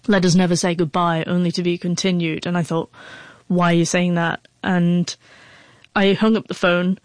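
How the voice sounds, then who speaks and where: An author with a lowish voice, heard without any echo, speaks as an interview guest. Her emotional, heartfelt personal story comes out interrupted by a stutter that repeats sounds.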